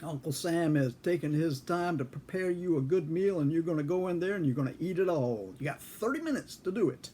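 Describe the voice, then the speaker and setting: An older man doing a gruff drill sergeant barking orders. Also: fairly high pitch, lively intonation, a little fast, few pauses, mellow, voice pushed up, natural voice. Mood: commanding. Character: gruff male drill sergeant, tough career soldier.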